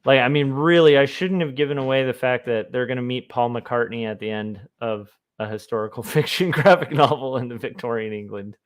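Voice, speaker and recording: A man's voice: mid-range voice, fairly quick, few pauses, smooth. A man, a comic artist, chatting casually on a livestream in a rambling, self-amused way. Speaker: comic artist streaming his work.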